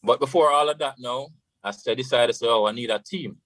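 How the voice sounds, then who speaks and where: A man's voice: mid-range voice, brisk, fairly bright tone, no echo, low-quality recording. A Jamaican man, a radio guest, tells a long story in a loose, casual way, slipping into patois and saying "you know" often. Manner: rambling, full of "you know" and patois phrases.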